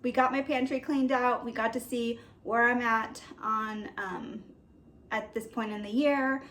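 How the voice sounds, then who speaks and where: A woman's voice: fairly high pitch, measured pace, a bit bright, a little hiss or hum. Chatty woman vlogger touring her garden. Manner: chatty, laughs often, many ums. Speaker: homestead vlogger. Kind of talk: casual garden tour vlog. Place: outdoor garden.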